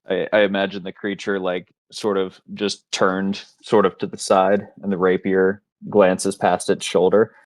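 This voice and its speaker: Man, game player, very low voice, casual with swearing, dry close recording. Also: dry recording. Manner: casual, swears freely, describes his character's moves. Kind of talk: casual tabletop game play.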